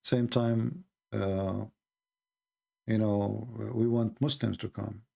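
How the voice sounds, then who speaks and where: A man hosting a casual livestream, rambling and animated, often mocking people in put-on voices. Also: on the low side, takes it slowly, creaky. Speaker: livestream host.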